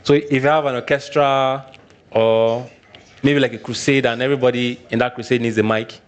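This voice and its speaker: A man's voice: mid-range voice, steady tone, moderate pace, clean tone. A Nigerian man presenting a live technical workshop, often repeating his points and checking in with "all right".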